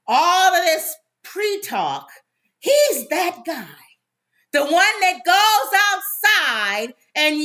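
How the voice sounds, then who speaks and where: A woman co-hosting a casual talk show, telling a story with animated acted-out quotes and frequent laughs. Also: high-pitched, slow. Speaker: co-host. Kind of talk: casual commentary chat.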